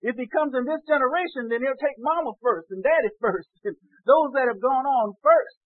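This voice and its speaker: A man preaching a sermon, moving from quiet storytelling to loud shouted calls. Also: extremely high pitch, moderate pace, no room sound. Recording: dry tinny phone-like sound.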